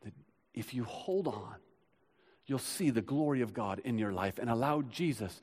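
Pastor in the pulpit: a man delivering an impassioned sermon with loud surges and quiet moments, reverb-heavy church sound. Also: medium pitch, lively intonation, moderate pace, breathy edge. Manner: impassioned preaching, swinging from loud urgent builds to soft hushed passages. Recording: long hall reverb.

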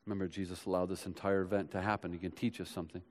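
A man preaching a sermon as pastor, swinging from loud urgent builds to soft hushed passages, recorded in a church. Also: deep voice, little pitch movement, rapid-fire. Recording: long hall reverb.

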